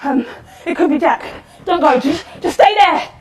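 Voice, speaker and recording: A woman's voice: high-pitched, moderate pace, slight background noise, close to an everyday voice. A woman performing a lonely, chatty woman at the end of the world in a solo interactive theatre monologue, rambling and apologetic. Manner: rambling, apologetic, nervously cheerful. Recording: echoey room, voice from far off.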